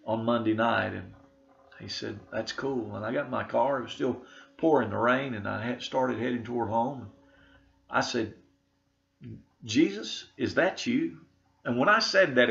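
A man's voice: medium pitch, gravelly, a bit bright. A middle-aged pastor, a man, earnestly telling his conversion story and quoting the people in it. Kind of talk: spoken testimony. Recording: dull lo-fi recording.

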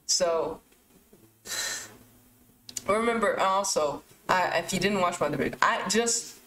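A young adult woman vlogger talking casually to camera, rambling and swearing, with sudden animated outbursts. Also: medium pitch, a little slow, poor audio. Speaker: YouTube vlogger.

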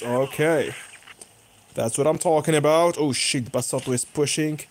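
A man's voice: fairly high pitch, a little slow, a little hiss or hum. A young man commenting live on his own tank gameplay, cheering and groaning as the match goes. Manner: excitable, bursts of cheering and groaning. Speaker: gaming YouTuber.

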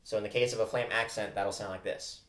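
Heavy background noise and loud drumming fill the echoey room as a percussion instructor explains flam rudiments with patience and counts stickings aloud. He speaks quickly, his voice low-ish and fairly even in intonation.

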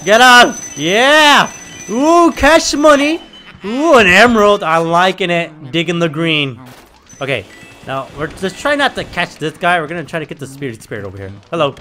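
A young man giving excitable, trash-talking commentary while playing a video game. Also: fairly high pitch, normal speed, a little hiss or hum. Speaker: gaming video creator. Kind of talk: gameplay commentary.

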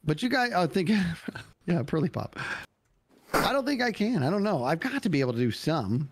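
A man's voice: fairly high pitch, sing-song, a little fast, noisy background. A man in his forties playing a game with a friend, silly and playful, full of singsong sound effects. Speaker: guest co-player. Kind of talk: casual gaming chat.

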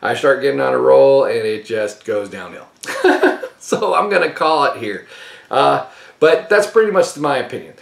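A man's voice: mid-range voice, lively intonation, moderate pace, creaky, echoey room. A man hosting a card-opening channel, giving his opinion in a casual, rambling way, breaking into laughter often and restarting his sentences.

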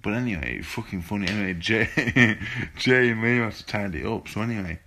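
A man's voice: lowish voice, animated, fairly quick, pushed and bright. A man, a boxer, telling a rambling, sweary story in a laid-back, casual way. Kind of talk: casual storytelling to phone camera.

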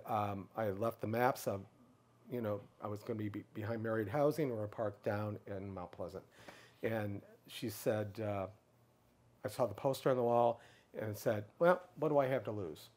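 A middle-aged guest speaker tells a long personal story in a casual interview at a moderate pace. He's an animated storyteller, briefly raising his pitch to act out what other people said.

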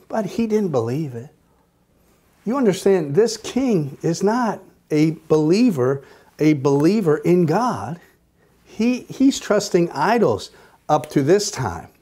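Slow, mellow-voiced man teaching Bible study. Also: on the high side. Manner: slow, deliberate storytelling with emphatic repetition.

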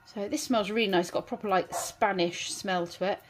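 A woman's voice: mid-range voice, fairly quick. A woman vlogging casually, cooing at her animals in baby talk. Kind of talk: casual vlog chat. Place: outdoors with animals, then at home. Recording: faint background noise.

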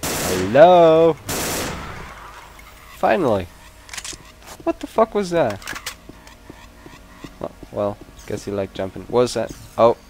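Male let's-play host, non-native English, deliberate unhurried delivery, swears when excited; game music and gunfire underneath. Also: medium pitch, slight background noise. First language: not English. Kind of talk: gameplay commentary.

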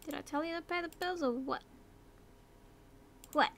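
A woman's voice: extremely high pitch, moderate pace, a bit bright, slight background noise. A young British woman chatting through a life-sim game as a YouTuber, giving her characters orders, slipping into whispers and silly voices, swearing casually. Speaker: gaming YouTuber. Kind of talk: casual let's-play commentary.

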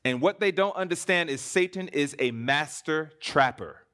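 Male preacher, slightly high voice, very animated delivery, emphatic then hushed, sermon in church. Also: normal speed, clean tone. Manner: emphatic preaching, swinging between loud and hushed.

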